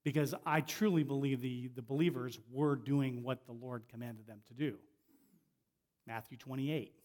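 A middle-aged man preaching as a guest speaker in a conversational way, often restarting phrases and slowing down to stress a point. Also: mid-range voice, steady tone, a little mellow. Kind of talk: sermon.

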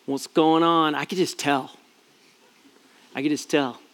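A man's voice: on the high side, fairly even intonation, a little slow, a bit bright. A middle-aged man, a pastor, telling a personal family story in a chatty, self-deprecating way, full of fillers and restarts. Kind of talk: storytelling sermon.

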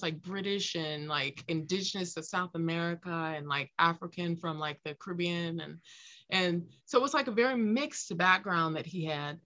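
A woman's voice: lowish voice, pushed and bright, lo-fi sound. A woman guest on a podcast, chatting casually, laughing often and hesitating with fillers. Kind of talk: casual chat.

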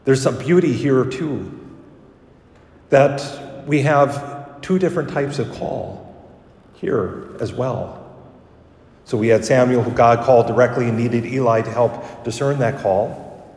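A man's voice: medium pitch, slow pace, long pauses. A priest giving a conversational homily, correcting himself and livening up when he quotes people. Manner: conversational, self-correcting, animated when quoting. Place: church. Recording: echoey church from a distance.

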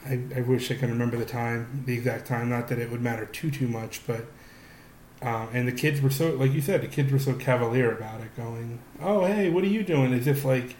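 A man's voice: mid-range voice, level tone, fairly quick, a little mellow. A male podcast co-host chatting casually, wandering through his points with restarts and fillers. His voice sits in a mid range. The room is echoey, with a faint hum of background noise. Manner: rambling, with frequent restarts and fillers. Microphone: podcast microphone.

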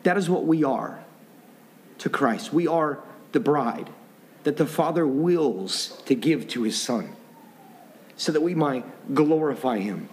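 Preaching in an animated, slow, slightly high voice, a middle-aged male pastor keeps his sermon conversational, breaking off to restart lines and slipping in jokes along the way.

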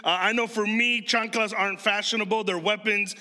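A man in his thirties from Chicago preaches in a high, very bright voice. He talks to the congregation like a friend and keeps quizzing them. His sermon rings out with the long reverb of a large hall. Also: steady tone, a little fast.

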